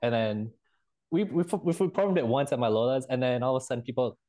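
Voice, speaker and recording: A man with a mid-range voice chats casually as a podcast co-host. He is relaxed, laughs often and sometimes repeats his words. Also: mid-range voice, quick pace. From Canada. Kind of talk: casual chat.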